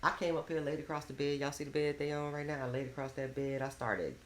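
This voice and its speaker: A woman's voice: sits low, steady tone, fast, roomy sound, a crowd in the background. A woman telling her story bluntly and animatedly in a candid group chat, swearing freely. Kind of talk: candid group chat about mental health. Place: bedroom with others on a bed.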